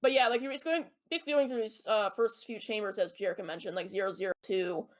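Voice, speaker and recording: A woman's voice: medium pitch, quick pace. A woman co-hosting a podcast, explaining at length in casual chat with many ums and uhs. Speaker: podcast co-host. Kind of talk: casual chat about a video game.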